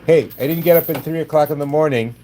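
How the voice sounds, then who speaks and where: A man's voice: a little high, fast, background noise. A man from Brooklyn with a New York accent, chatting with viewers during a live stream as he plays a coin pusher. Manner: chatty, rambling, answers viewers by name. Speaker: livestream host. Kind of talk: casual live chat while playing a coin pusher.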